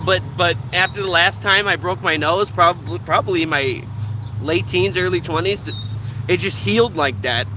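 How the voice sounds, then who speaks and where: A young man with a nasal, squeaky voice, chatting casually and profanely to his live viewers. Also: normal speed, noisy background. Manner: profane, joking, talks with teeth hidden. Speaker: vlogger streaming live. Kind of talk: casual rambling chat.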